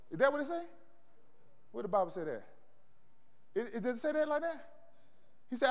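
A man a sermon in call-and-response style, swinging between loud shouts and hushed low passages. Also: sing-song, brisk, long pauses, big-room sound. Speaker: preacher.

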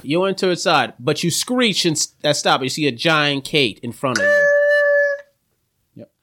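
A man's voice: on the high side, wildly swooping pitch, moderate pace, bright, forceful tone. A man with a Southern US accent, running a tabletop game as game master and narrating scenes in a rambling way. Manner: rambling, restarts mid-description.

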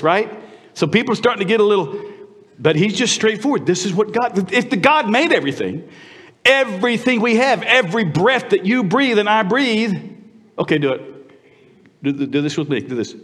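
Animated preacher in a reverberant hall. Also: male voice, high-pitched, normal speed. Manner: animated, conversational preaching with sudden drops to quiet, intimate tones. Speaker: pastor. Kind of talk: sermon.

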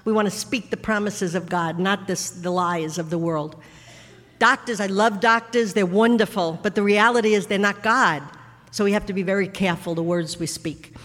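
A woman giving an animated testimony in a sermon style, telling stories with frequent laughter. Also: medium pitch, normal speed. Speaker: guest speaker giving testimony. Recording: echoey hall with long reverb.

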